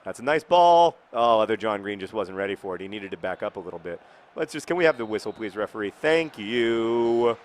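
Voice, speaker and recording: A man's voice: on the low side, animated, a little fast, slight background noise. A man giving casual, rambling commentary while playing a football video game, with wry, mock-outraged asides. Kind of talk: casual let's-play commentary.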